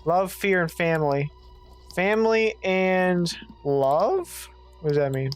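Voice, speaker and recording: A woman streamer giving let's play commentary, thinking out loud, swearing freely and reading game text aloud, with faint game music behind. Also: lowish voice, animated, slow pace. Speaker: gaming streamer.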